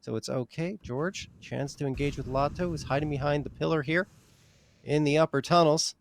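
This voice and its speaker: A man calling live esports play-by-play, quick and excitable, rising sharply at big plays. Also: fairly high pitch, gravelly, slight background noise.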